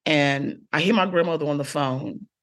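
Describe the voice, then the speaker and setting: A woman's voice: deep voice, normal speed. A woman comedian telling a story with theatrical flair, acting out the people she quotes. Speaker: guest comedian. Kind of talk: storytelling in casual chat.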